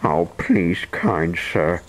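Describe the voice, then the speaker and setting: A man's voice: low voice, sing-song, drawn-out words, full character voice. A man voicing a meek old washerwoman in a storybook reading, pleading politely.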